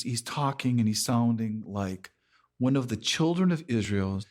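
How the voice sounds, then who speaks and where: A man preaching a verse-by-verse sermon, slowly, often restarting and repeating words. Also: fairly low pitch, darkish tone. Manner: slow, with repeated restarts and frequent stammered words. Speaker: pastor.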